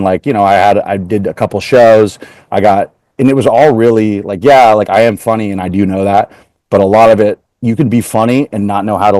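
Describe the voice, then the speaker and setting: Male comedian guest from Portland, lowish voice, dry close sound, rambling storyteller acting out quotes. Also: a little mellow, no echo. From Portland, Oregon. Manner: chatty, heavy use of "like", retells exchanges in quoted voices. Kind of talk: casual interview storytelling.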